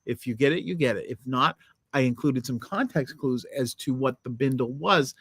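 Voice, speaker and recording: A man's voice: medium pitch, normal speed, a bit bright, slightly rough, no room sound, clean studio sound. A man co-hosting a casual podcast with his wife, cracking goofy jokes and playfully arguing. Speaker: podcast co-host. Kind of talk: casual banter.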